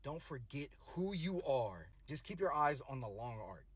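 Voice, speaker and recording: A man's voice: mid-range voice, sing-song, moderate pace, husky, dry recording. A man in his thirties earnestly and casually telling a personal motivational story.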